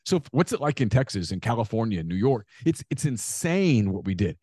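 Animated man ranting on a podcast. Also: fairly low pitch, brisk, husky, dry recording, studio quality. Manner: heated ranting with stammered repeats. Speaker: podcast co-host. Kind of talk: casual podcast chat.

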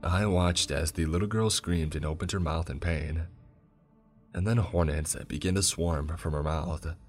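A man narrating a first-person horror story in a steady, tense way. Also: low-pitched, a little slow, faint music behind.

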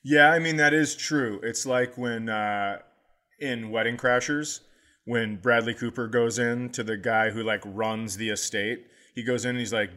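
A man's voice: mid-range voice, fairly even intonation, a little slow, sharp tone. Joking man co-hosting a podcast. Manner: joking, quoting movies and calls, casual swearing. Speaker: podcast co-host, comedian. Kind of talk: casual chat.

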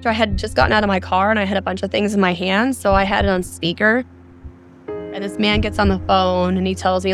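A woman's voice: medium pitch, brisk, soft background music. Woman from Arizona recounting her story. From Phoenix area, Arizona. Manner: detailed, steady account of a frightening event. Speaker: guest. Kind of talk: interview storytelling.

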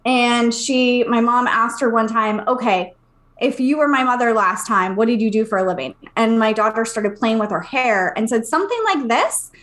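A woman in her thirties, a podcast co-host, telling a personal story in an animated way, acting out the people she quotes. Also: fairly high pitch, normal speed. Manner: animated, acts out quoted voices, swears casually. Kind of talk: casual storytelling.

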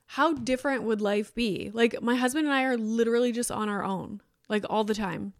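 A woman's voice: fairly high pitch, normal speed, few pauses, no room sound. Chatty woman with a dry close sound. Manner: chatty, rambling, many fillers, candid. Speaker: podcast host. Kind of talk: casual solo podcast chat.

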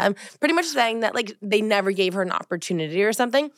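A young woman co-hosting a podcast in casual chat, an animated storyteller who acts out quotes. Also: mid-range voice, fast, few pauses, dry recording, clean studio sound. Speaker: podcast co-host.

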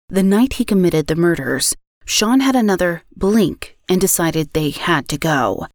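A woman hosting a podcast, reading a scripted true-crime story in a measured way that slows on grim details. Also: fairly low pitch, a little mellow, dry recording, studio quality. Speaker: podcast host.

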